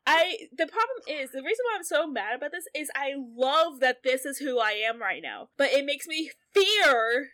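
A woman in her late twenties chatting casually as a podcast co-host, animated and swearing a lot, often laughing through her words. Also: sits high, moderate pace, few pauses. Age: 20s. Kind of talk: casual chat.

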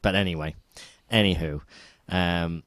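A man co-hosting a podcast in casual chat, rambling and trailing off into quiet asides. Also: sits low, fairly even intonation, a little slow, dry recording. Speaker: podcast co-host.

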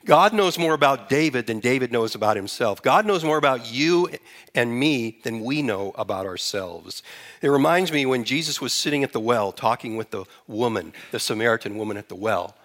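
A man preaching from the pulpit, steady mid-range voice with earnest emphasis. He reads scripture and breaks it down verse by verse for his congregation. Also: mid-range voice, normal speed. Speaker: pastor. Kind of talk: sermon.

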